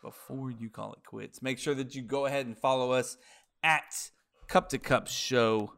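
A man's voice: medium pitch, fairly even intonation, normal speed, creaky, a bit bright, smooth. A man hosting a casual podcast, wrapping up with loose, profane, rambling plugs. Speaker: podcast host.

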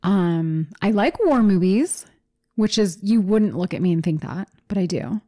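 A woman's voice: medium pitch, measured pace. A woman co-hosting a podcast, telling stories in casual chat and laughing often. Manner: chatty, laughing, animated storytelling. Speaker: podcast co-host.

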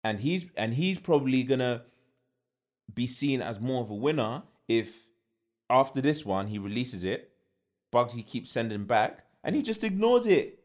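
A man's voice: mid-range voice, big pitch swings, normal speed, a little mellow. A young man, co-hosting a casual chat and giving his opinions in a laid-back way. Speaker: podcast co-host. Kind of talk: casual chat about UK rap beefs.

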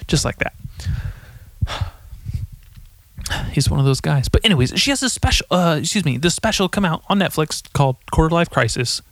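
A young man hosts a solo podcast in a loose, profane ramble, often catching and correcting himself. His voice has a gravelly fry, and it sits in a dry, dead room. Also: a little high, lively intonation, fairly quick, a bit bright, dry recording. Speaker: podcast host.

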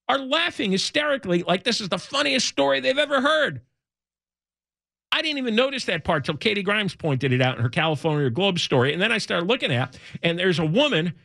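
Indignant high-pitched talk radio man. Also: bright, forceful tone, no echo, studio quality. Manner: indignant, sarcastic, emphatic. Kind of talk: opinionated talk radio monologue.

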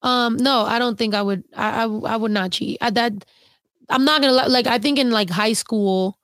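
A young woman hosts a casual livestream, reading comments aloud in a blunt, teasing way and swearing freely. Her voice sits a bit high. The sound is dry and close. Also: moderate pace, fairly bright tone, dry recording. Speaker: livestream host reading chat.

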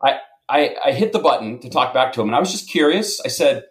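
A man telling self-deprecating anecdotes in a casual, lively way as a guest. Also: medium pitch, quick pace, few pauses. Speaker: guest storyteller. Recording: roomy echo.

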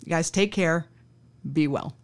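A woman hosts her podcast, spinning a story from her case files with a dry, wry wit. She talks casually and jumps into the dialogue, her voice sitting a little on the low side. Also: a little slow, music in the background. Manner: wry, conversational, acts out dialogue. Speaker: podcast host. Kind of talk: true-crime anecdote storytelling.

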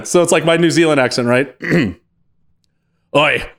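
Jokey man with a higher voice. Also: normal speed, gravelly, a bit bright. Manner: jokey, laughs often, reads cards aloud. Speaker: podcast co-host. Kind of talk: casual chat about a card game.

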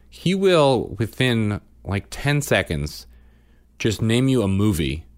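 Low-voiced man telling family stories. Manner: rambling, animated storytelling with restarts. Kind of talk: casual chat.

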